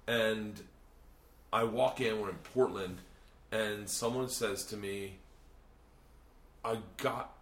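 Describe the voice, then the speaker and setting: A man's voice: mid-range voice, fairly bright tone, roomy sound. A man telling a long, profane story casually in a hotel room, laughing often and acting out the people he quotes. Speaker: podcast host and comedian.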